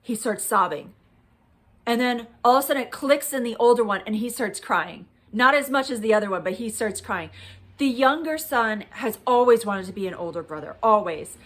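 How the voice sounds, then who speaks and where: A woman in her late thirties casually telling a personal story to her phone camera, chatty and animated, acting out quoted dialogue. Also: on the high side, normal speed. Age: 30s. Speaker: vlogger.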